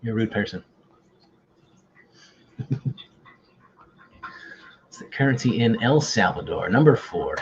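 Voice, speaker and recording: A man's voice: on the low side, expressive, takes it slowly, pauses often, highs cut off, slight background noise. A man hosting an online quiz, bantering casually and teasing himself. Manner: joking, self-deprecating banter. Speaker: quiz host.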